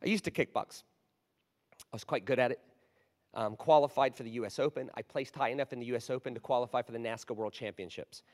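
A man in his forties preaching a storytelling sermon, animated, moving from hushed asides to loud bursts. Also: medium pitch, fast. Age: 40s. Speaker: guest preacher. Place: large church hall. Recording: long hall reverb.

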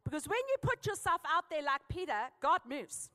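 A South African woman preaching a sermon, telling a personal story with lively, emphatic exhortation. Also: sits high, moderate pace, in a large hall.

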